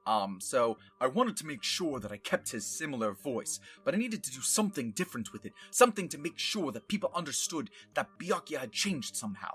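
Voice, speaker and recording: A man's voice: medium pitch, big pitch swings, fairly quick, few pauses, a bit bright, husky, soft background music. A man who works as a voice actor, rambling casually and laughing at himself as he explains his craft. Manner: rambling and self-amused, with many fillers. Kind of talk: casual talk about voice acting.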